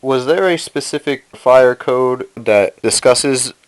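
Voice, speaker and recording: A man's voice: medium pitch, takes it slowly, clear, resonant tone, poor audio. A man calling as a concerned citizen, asking careful, persistent questions about building safety. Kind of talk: phone inquiry.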